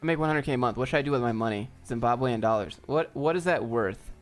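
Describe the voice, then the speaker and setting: Male streamer, mid pitch, smooth voice, casual and wisecracking. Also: fast, soft background music. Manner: laid-back, joking, off-the-cuff. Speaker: streamer answering viewer chat. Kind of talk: casual live chat Q&A.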